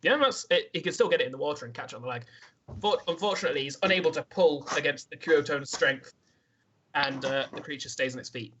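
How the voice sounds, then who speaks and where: A man running a tabletop fantasy game, narrating the action in a bright, slightly higher voice. He talks steadily and often hesitates on small fillers while he checks the rules. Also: muffled recording, a little hiss or hum. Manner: measured narration with frequent fillers. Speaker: dungeon master.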